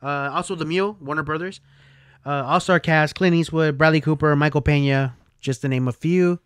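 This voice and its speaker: A man's voice: a little high, steady tone, fairly quick, fairly bright tone, smooth, no echo. A man co-hosting a podcast, reading through film releases and teasing his co-host with frequent laughter. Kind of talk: casual chat.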